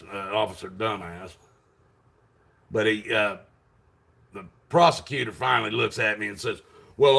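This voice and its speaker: A man loudly retelling a story to his channel viewers, rambling with many fillers and restarts. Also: on the low side, creaky, breathy edge. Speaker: vlogger. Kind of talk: casual storytelling to camera.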